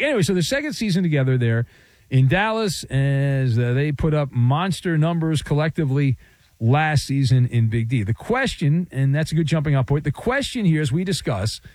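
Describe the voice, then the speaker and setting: Male sports talk host, sarcastic and playful, very lively pitch swings, dry close mic. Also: no room sound. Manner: wisecracking, sarcastic, playful riffs.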